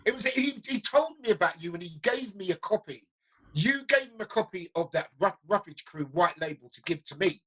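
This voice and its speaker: A middle-aged man with a bright, husky voice. He tells stories in a relaxed chat, slips into the voices of the people he quotes, and often repeats himself as he goes. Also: high voice, normal speed, rough recording. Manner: lively storyteller, acts out quotes, repeats himself. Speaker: interviewer, DJ. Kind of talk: casual conversation.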